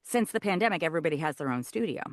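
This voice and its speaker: A woman audiobook narrator, a guest in a casual interview, explaining her work in an animated way. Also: low voice, rapid-fire, dry recording, clean studio sound. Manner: animated, shows voice placement while explaining.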